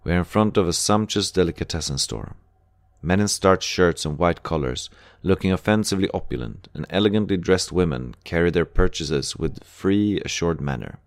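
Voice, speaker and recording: Deep-voiced male audiobook narrator. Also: expressive, moderate pace, gravelly, no echo. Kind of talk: scripted narration.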